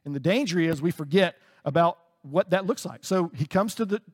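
A man preaching a sermon as a pastor, conversational and animated, often laughing between points. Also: high voice, brisk, husky, big-room sound. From United States.

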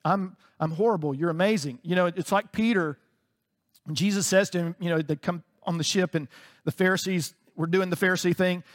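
A high-pitched man preaches in a loose, conversational way, often laughing between his points. His voice carries a long reverb, as if recorded in a large hall. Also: a little fast. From United States. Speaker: pastor. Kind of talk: sermon.

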